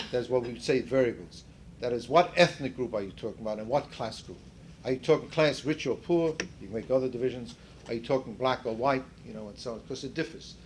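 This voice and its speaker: In a medium-pitched voice with a faint hiss or hum behind it, an older seminar leader conducts a discussion. His lecture style is conversational, with questions to the group and frequent mid-sentence restarts and rephrasings.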